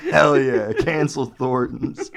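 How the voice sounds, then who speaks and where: A young man co-hosting a comedy podcast, riffing with quick jokes. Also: mid-range voice, vocal fry. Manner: quick riffing jokes, playful put-on voices. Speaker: podcast co-host. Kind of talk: casual comedic chat.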